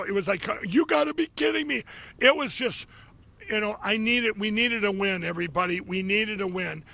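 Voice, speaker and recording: A middle-aged man hosting a live show from his office, rambling casually with many fillers and restarts, getting excited as he talks. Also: sits high, vocal fry. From Minnesota. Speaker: show host. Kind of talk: casual live monologue with ad pitches.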